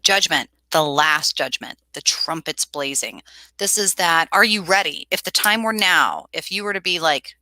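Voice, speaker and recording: In a low voice at normal speed, a woman keeps her casual tarot livestream lively, laughing frequently and reading out what viewers write. The recording is dry.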